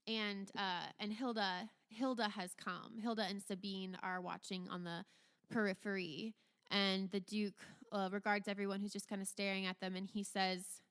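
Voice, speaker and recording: A woman game master narrating a tabletop game in a smooth, clear voice. Her narration is casual and loose, with fillers. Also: medium pitch, steady tone, a little slow, a bit bright.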